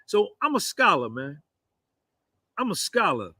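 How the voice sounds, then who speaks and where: A man's voice: high voice, big pitch swings, unhurried, bright, forceful tone, slightly rough, no echo. A man, giving a boastful, rambling monologue that keeps circling back on itself. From New Jersey, US. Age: 50s. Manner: rambling, repeats "you understand".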